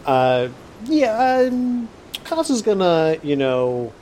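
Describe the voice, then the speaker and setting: A man's voice: sits high, big pitch swings, takes it slowly, a little mellow, slight background noise. A man playing in a tabletop game, casual and rambling, with many fillers. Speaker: player. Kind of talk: casual role-play chat.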